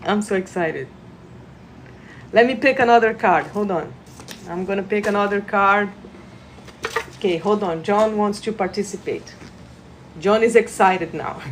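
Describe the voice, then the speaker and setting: A woman leading a live energy-healing session, guiding listeners with gentle instructions and sudden bursts of excited laughter. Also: mid-range voice, moderate pace, a little hiss or hum. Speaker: reiki practitioner. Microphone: phone livestream.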